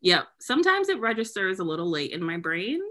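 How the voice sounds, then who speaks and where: A young woman from New England telling a story in casual chat, animated, laughing and swearing, with lots of "like". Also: medium pitch, a little fast. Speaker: podcast co-host telling a story.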